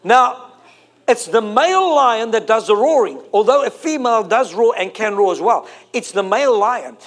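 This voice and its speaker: A man's voice: high-pitched, expressive, normal speed. A man, preaching a sermon to a congregation, emphatic and fond of repeating and stretching key phrases. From South Africa.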